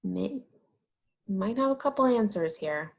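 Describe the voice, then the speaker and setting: A woman teaching young children, asking questions about farm animals and answering them in a drawn-out, encouraging way. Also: mid-range voice, lively intonation, vocal fry. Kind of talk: slow, sing-song teaching of young children.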